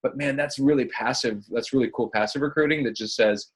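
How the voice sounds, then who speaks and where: A man's voice: mid-range voice, a little fast, breathy edge. A man leading a live online coaching call in an upbeat, chatty way, often calling his listeners guys. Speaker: fitness business coach.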